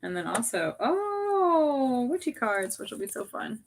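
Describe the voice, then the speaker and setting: Middle-aged woman, bubbly casual live chat, animated pitch, tarot reader. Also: a little fast, creaky, slight background noise. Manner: bubbly, chatty, laughs often.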